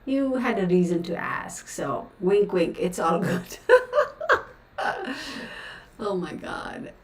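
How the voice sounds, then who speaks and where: With a fairly low, slightly mellow voice, a woman speaks slowly and swings hugely in pitch. She's a tarot reader on a livestream, chatting casually while ranting in outspoken exasperation, heavy on fillers. The audio is roomy from a distant mic.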